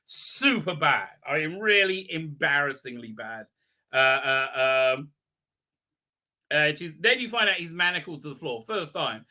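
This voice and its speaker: A man's voice: fairly high pitch, animated, a little slow, sharp tone. A man casually recapping a TV episode on a live stream, mocking it and acting out lines in silly voices, with lots of "uh"s and restarts. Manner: mocking, acts out quotes in funny voices, many fillers and restarts.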